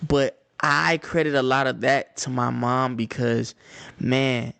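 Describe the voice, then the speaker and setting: Young man, Atlanta accent, easygoing vlog storyteller, middle pitch, dry close mic. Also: fairly even intonation, slow, vocal fry, fairly bright tone, clear, resonant tone, no room sound. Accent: Atlanta Southern US. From Atlanta, Georgia, US. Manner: conversational, repeats phrases, loose slang. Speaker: vlogger. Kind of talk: casual storytelling to camera.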